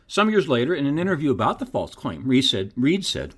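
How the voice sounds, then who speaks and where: A man's voice: sing-song, brisk, slightly rough. A man hosting his own podcast, reading scripted commentary in an emphatic, preacherly way. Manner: emphatic, preacherly delivery with wide pitch swings. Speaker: podcast host.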